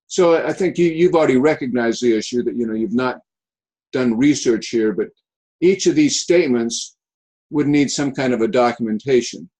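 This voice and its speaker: Halting male instructor on a call. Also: mid-range voice, a little mellow, slightly rough, low-quality recording. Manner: halting, with many restarts and fillers. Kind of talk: online class feedback session.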